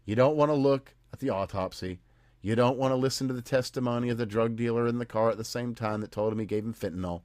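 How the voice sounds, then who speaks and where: A man's voice: medium pitch, fast talker, darkish tone, no room sound. Sarcastic, indignant American man, dry mic. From United States. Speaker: podcast host. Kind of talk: casual chat.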